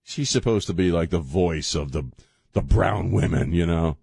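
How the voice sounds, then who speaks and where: A man's voice: sits low, normal speed, vocal fry, darkish tone, slightly rough, no room sound, studio quality. A man hosting a call-in radio show, joking and laughing often as he gives blunt opinions. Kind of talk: casual call-in radio talk. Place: radio studio.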